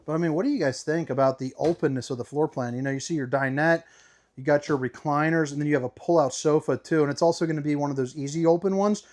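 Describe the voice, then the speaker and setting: A man's voice: a little high, fast, a little mellow. A man hosting a casual walkthrough tour inside a travel trailer, upbeat and playful with slangy asides. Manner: upbeat, playful, slangy, calls viewers baby. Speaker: RV tour host.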